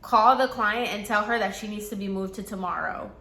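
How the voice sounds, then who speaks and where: A woman mimicking a grumbling middle-aged hairstylist. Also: fairly quick. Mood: demanding. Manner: grumbling, lower and quieter than her own voice. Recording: echoey room.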